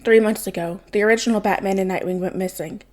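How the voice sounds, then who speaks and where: Cocky young man in a superhero mask, smug and teasing, read by a woman, mellow tone, storybook reading. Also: mid-range voice, fairly even intonation, fast, natural voice. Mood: deadpan.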